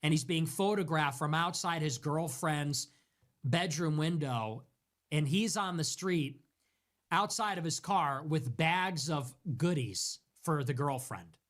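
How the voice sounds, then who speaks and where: A man's voice: on the high side, takes it slowly, fairly bright tone. A man hosting a livestream show, delivering a sarcastic, exasperated rant in political commentary style.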